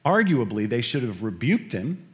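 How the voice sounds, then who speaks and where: A man preaching a sermon, shifting between hushed scripture reading and loud, emphatic storytelling. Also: mid-range voice, big pitch swings, moderate pace. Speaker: pastor.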